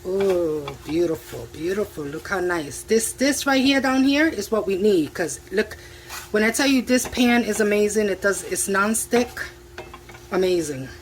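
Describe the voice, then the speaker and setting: A home cook vlogger with a medium-pitched voice narrates her cooking from the kitchen stove, chatty and enthusiastic as food sizzles in a pan. There's slight background noise.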